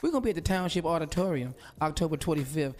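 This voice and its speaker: A man's voice: on the high side, animated. A man co-hosting a morning radio show, bantering playfully and laughing often. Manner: playful, laughing, drawn-out emphasis. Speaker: radio co-host. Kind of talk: casual on-air banter.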